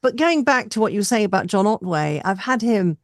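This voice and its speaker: A woman's voice: medium pitch, animated, fairly quick, no room sound, studio quality. A woman radio host leading a casual panel chat, chatty and enthusiastic.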